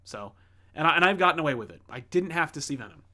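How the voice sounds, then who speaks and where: A man's voice: fairly high pitch, expressive, fast talker, sharp tone. Casual rambling man. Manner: rambling, many fillers and restarts. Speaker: comic book channel host reading viewer messages. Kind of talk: casual livestream chat.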